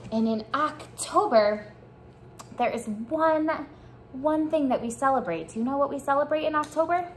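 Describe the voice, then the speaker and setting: A woman teaching young children a morning lesson, speaking slowly and encouraging them to repeat after her. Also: high-pitched, animated, a little hiss or hum. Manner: slow, encouraging call-and-response teaching. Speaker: preschool teacher.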